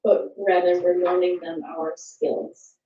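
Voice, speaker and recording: Mellow woman in an echoey room. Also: on the low side, level tone. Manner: thoughtful, halting, with restarts. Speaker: parenting workshop speaker. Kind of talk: workshop talk. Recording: echoey room, dull sound.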